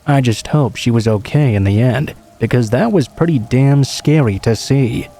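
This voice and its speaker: A man calmly reading true horror stories aloud as a narrator, in an even storytelling manner. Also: medium pitch, normal speed. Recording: rain sounds behind the voice. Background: steady rain.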